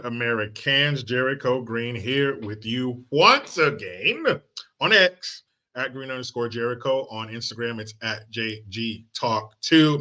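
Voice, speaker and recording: Brash, mocking male commentary host. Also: medium pitch. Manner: mocking, profane, animated. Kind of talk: comic political rant vlog.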